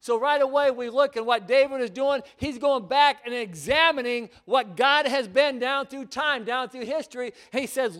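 A man preaching a sermon in church, reading scripture aloud and swinging between hushed, intimate passages and loud, fervent declarations. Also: extremely high pitch, moderate pace, few pauses.

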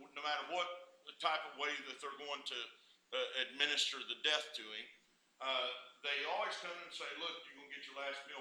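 A man preaching a sermon, moving from quiet musing to loud, fervent preaching. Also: a little high, echoey room.

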